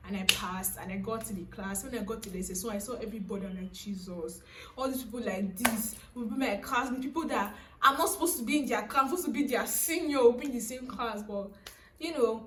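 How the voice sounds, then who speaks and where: A young woman in her twenties with a Nigerian accent, telling a personal story casually to camera in a chatty, animated way. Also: medium pitch, echoey room, far from the mic, slight background noise. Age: young adult. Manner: chatty, animated, laughing, frequent "so, like". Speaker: vlogger.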